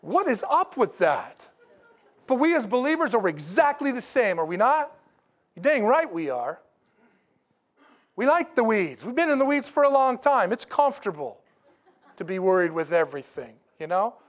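A man preaching a sermon in a folksy, animated way, with asides to the congregation. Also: high voice, normal speed. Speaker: pastor.

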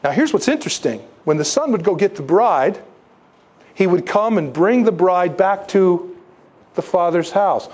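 High-voiced preacher, emphatic and animated. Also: male voice, normal speed. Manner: emphatic, rhetorical questions to the congregation; animated storytelling with asides. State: congested, needing tissues. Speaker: pastor. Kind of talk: sermon.

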